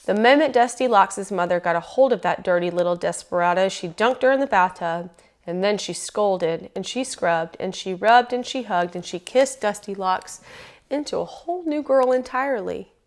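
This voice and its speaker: A woman reading a picture book aloud in a lively, folksy storytelling manner. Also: mid-range voice, moderate pace.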